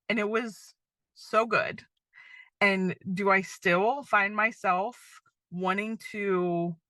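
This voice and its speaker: Chatty middle-aged woman, bright and dry. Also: mid-range voice, no room sound. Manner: chatty, many fillers like "um" and "like". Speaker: podcast host. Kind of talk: casual faith-based podcast monologue.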